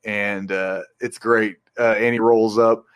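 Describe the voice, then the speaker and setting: A man's voice: fairly low pitch, little pitch movement, slow, clean tone. A young man co-hosting a podcast, casually retelling movie scenes with plenty of swearing and laughter. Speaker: podcast co-host. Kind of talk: casual movie review chat.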